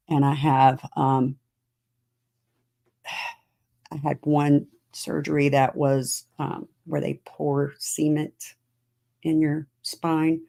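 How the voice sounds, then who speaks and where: Woman, middle-aged, gravelly fry, podcast host, casual live chat, answers viewer comments. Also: sits low, warm tone. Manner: chatty, answers viewer comments, frequent fillers.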